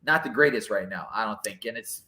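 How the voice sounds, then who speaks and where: A man with a bright, forceful voice gives laid-back fight breakdowns on a casual podcast. His voice sounds in an echoey room. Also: lowish voice, fairly quick.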